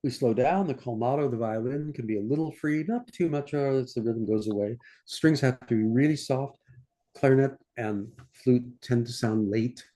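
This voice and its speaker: An older man with a mellow, warm voice leads a masterclass over a video call. He talks through bar numbers at a middle pitch and breaks into sung scat syllables to show each phrase. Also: normal speed. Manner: sings passages in scat syllables between instructions. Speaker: conductor teaching a masterclass. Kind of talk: online masterclass walkthrough of a score. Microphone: computer mic on a video call.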